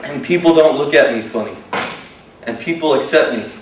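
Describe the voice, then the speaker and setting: An actor playing a shy, self-doubting young man with a disability, telling his story haltingly and earnestly in a stage monologue. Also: medium pitch, a little hiss or hum, close to an everyday voice. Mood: frustrated. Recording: roomy hall from a distance.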